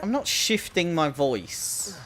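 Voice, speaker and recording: A man's voice: on the high side, big pitch swings, slow pace, fairly bright tone, a little hiss or hum. A man chatting casually during a game live stream, self-mocking and swearing freely, with a voice he says people call cartoonish. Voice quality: voice others find odd and cartoonish. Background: faint in-game music.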